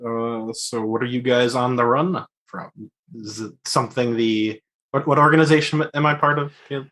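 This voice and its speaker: A married adult man, a player in a tabletop game, chatting casually with quick asides. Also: mid-range voice, fairly even intonation, fairly bright tone.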